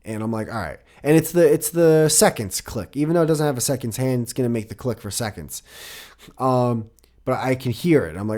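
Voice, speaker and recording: A man's voice: mid-range voice, expressive, a little fast, a little mellow. A middle-aged man hosting a solo podcast, rambling casually with a lot of swearing and self-deprecating jokes. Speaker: podcast host.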